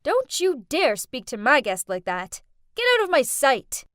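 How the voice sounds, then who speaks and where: Bratty rich girl, hot-tempered and sneering, played by a woman with a high, swooping voice. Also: big pitch swings, a little slow, no room sound, clean studio sound. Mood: contemptuous. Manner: loud, scornful, hot-tempered. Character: spoiled, snobbish rich teenage girl.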